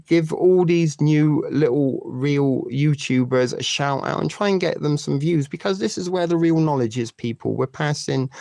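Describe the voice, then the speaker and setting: A man's voice: mid-range voice, darkish tone, dry recording. A man in his forties hosting a live stream, chatting casually and crudely joking with his viewers. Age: 40s. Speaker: livestream host.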